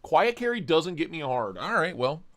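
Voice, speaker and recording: A man runs a casual live stream from his home office, talking into a desk mic with a lively, swinging pitch. He rambles, swears and jokes, greets chatters one by one, and sounds a bit short of breath. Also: normal speed. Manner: crude, joking, rambling, greets chatters by name. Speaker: livestream host. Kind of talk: casual live chat reading viewer comments.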